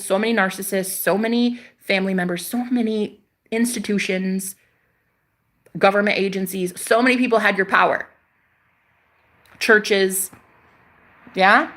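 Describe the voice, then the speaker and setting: A woman's voice: medium pitch, sharp tone. A young woman hosting a spiritual livestream, chatting casually, reading out viewer comments with sass, swearing freely and laughing often.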